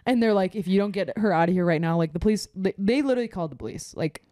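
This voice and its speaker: Woman, young adult, casual storytelling, middle pitch, dry studio sound. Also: very fast, no echo. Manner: rambling animated storytelling with frequent "like" and laughter. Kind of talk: casual chat.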